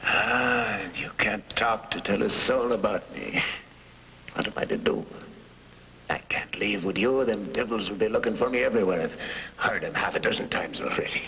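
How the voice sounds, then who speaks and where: A man's voice: fairly low pitch, moderate pace, sharp tone, a little hiss or hum, low-quality recording. A frightened blind man. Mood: desperate. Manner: pleading, stammering, talks to himself in worried half-whispers. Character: frightened blind man, bandaged eye, hunted. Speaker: lead actor. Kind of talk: 1960s TV drama acting.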